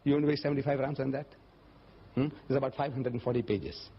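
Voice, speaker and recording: In a dull, lo-fi recording of a public lecture Q&A, an older man talks quickly in a slightly rough voice about religion. He responds to the audience with animated stories, frequently jumping higher in pitch to play the voices he's quoting.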